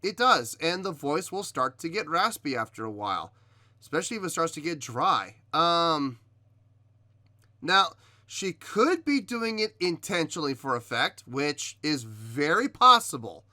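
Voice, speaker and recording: A man hosting a reaction video, giving measured critique in casual talk, often pausing with ums and restarting his sentences. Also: on the high side, big pitch swings, sharp tone, no echo. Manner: hesitant, many ums and restarts. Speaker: reaction video host reviewing a singer. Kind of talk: casual spoken commentary.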